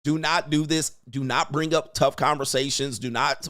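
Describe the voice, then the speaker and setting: A man's voice: on the high side, steady tone, moderate pace, bright, forceful tone, no room sound, studio quality. Brash mocking New man. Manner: brash and mocking, laughs often, mimics voices. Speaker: host. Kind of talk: loud, crude commentary on video clips.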